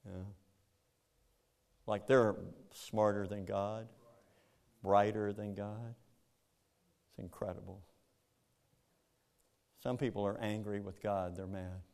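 A man preaching a sermon to a congregation, animated, jumping into loud, high acted-out voices. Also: takes it slowly, vocal fry, pauses often. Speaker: pastor.

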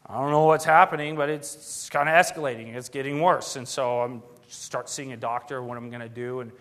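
A man preaching a sermon to his church in a conversational, digressive way, swinging between loud and hushed. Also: medium pitch, fairly even intonation, brisk. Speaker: pastor.

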